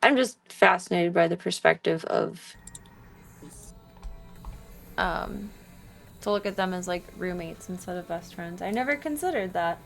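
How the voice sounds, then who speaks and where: A woman streamer chatting casually at home, rambling and cooing softly at her pets. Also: fairly low pitch, a little slow, vocal fry, pauses often, soft background music. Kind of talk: casual chat.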